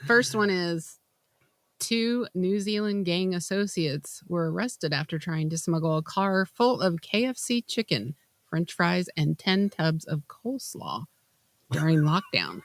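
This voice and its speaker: A woman's voice: lowish voice, lively intonation, unhurried, no room sound. A woman on a casual live stream, plainly reading out news headlines.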